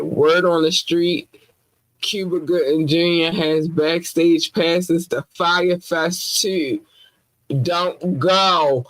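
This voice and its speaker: A woman in her forties hosting a podcast in casual, animated chat, playful and full of sudden swoops up in pitch. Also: dry recording, poor audio. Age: 40s. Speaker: podcast host.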